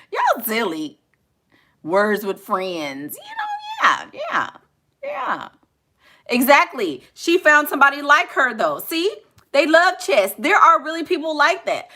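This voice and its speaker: A woman's voice: medium pitch, bright, forceful tone. A woman vlogger chatting casually and jokingly with her live viewers, laughing often.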